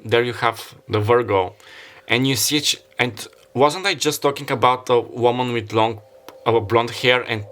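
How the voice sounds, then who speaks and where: Man, tarot reader, non-native English, rambling, apologetic, self-correcting, mid-pitched voice. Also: fairly bright tone, slight background noise. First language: not English. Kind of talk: casual pick-a-card tarot reading.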